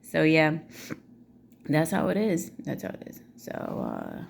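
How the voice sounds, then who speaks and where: A woman's voice: low-pitched, huge pitch swings, takes it slowly, gravelly, a little hiss or hum. A middle-aged woman ranting casually to camera, blunt and swearing freely, with many fillers. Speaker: vlogger.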